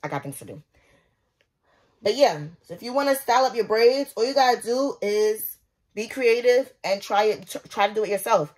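Chatty, slangy young woman with a husky voice. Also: on the high side, animated, moderate pace, a little mellow. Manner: chatty, slangy, talks to viewers directly. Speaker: beauty vlogger. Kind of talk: casual chat while doing her hair. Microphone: phone propped up nearby.

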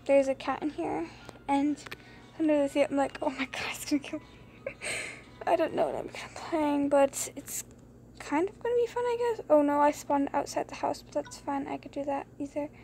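A young woman chatting through a mouse game late at night, rambling and giggly, keeping her voice low so others can sleep. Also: moderate pace, gravelly, a little hiss or hum. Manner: rambling, giggly, hushed to keep quiet. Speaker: gameplay streamer. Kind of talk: casual gameplay commentary. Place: bedroom at home late at night. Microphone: phone screen recorder.

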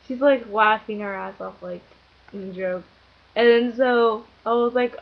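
Young woman, casual storytelling, rambling, giggly, slightly high voice, dull lo-fi recording. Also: normal speed. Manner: rambling, filler-heavy, giggly. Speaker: vlogger.

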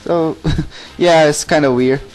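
A man narrates his game in a jokey, self-mocking way. His voice sits high for a man, with faint music behind him. He talks in halting bits. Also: fairly even intonation, a little mellow, rough recording. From Brazil. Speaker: let's play commentator. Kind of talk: casual game commentary.

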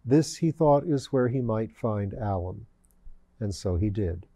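Mellow-voiced male storyteller. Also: fairly low pitch, animated, unhurried, no room sound. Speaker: narrator. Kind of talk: storybook narration.

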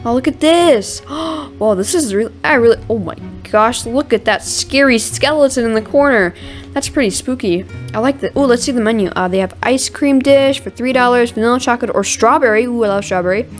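A young woman hosting a gaming video, chatting casually and excitedly with gasps and restarts as she plays. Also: fairly high pitch, a little fast, faint music behind. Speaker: gaming channel host. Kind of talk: casual gameplay commentary.

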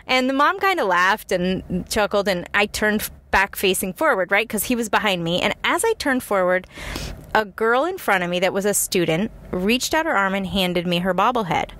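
A woman hosting a self-help podcast, telling a personal story in a chatty, animated way with frequent asides to the listener. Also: medium pitch, moderate pace. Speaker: podcast host.

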